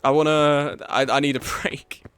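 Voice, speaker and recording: A young man streaming a game live, frustrated and swearing, swinging between low muttering and loud outbursts. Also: little pitch movement, normal speed, clear, resonant tone.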